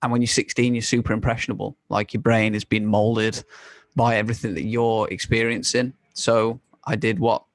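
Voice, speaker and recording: A man's voice: fairly low pitch, steady tone, normal speed, no room sound. A young man hosting a podcast in a candid, conversational monologue, swearing and laughing now and then. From United Kingdom. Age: young adult. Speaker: podcast host. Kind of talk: casual monologue.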